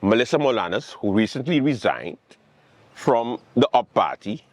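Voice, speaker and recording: A man hosting a late-night comedy show, ranting about politics in a sarcastic, animated way. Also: medium pitch, moderate pace. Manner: animated, sarcastic, mocking quotes and repetition. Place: outdoors with planes overhead.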